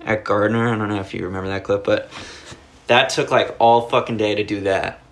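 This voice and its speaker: A man's voice: on the low side, fairly even intonation, fairly quick. A young man telling a long story in casual chat, rambling with lots of filler words and cursing. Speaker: podcast guest.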